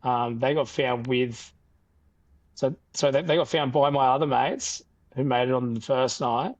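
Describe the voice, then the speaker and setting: A young Australian man telling a story in a casual podcast interview, animated and loose with fillers and restarts. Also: medium pitch, measured pace, no room sound. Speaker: podcast guest.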